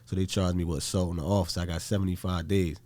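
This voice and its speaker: Guy from newark telling a story, low voice, kinda mellow, cusses a lot, acts out the people he quotes. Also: little pitch movement, quick pace. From Newark, New Jersey. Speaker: podcast guest. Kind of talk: casual storytelling.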